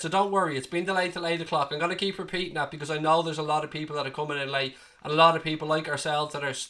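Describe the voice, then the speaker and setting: Sounding slightly ill with a cold, a Dublin streamer in his late thirties hosts a live football watchalong in an Irish accent. His voice is a little high, bright and forceful. He talks straight to his viewers, blunt and freely sweary.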